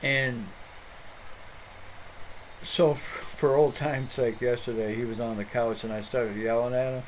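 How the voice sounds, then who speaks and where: A man's voice: mid-range voice, fairly even intonation, a little slow, a little hiss or hum, rough recording. A middle-aged man, a pastor hosting an online show, telling a rambling story in casual chat with many restarts.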